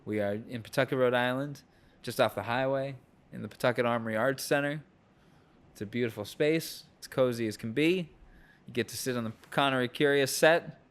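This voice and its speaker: A man's voice: a little fast, smooth. Man, podcast co-host, mid-range voice, short interjections, easygoing studio plug. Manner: short interjections, easy promotional pitch. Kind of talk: casual chat. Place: podcast studio set in a recording studio.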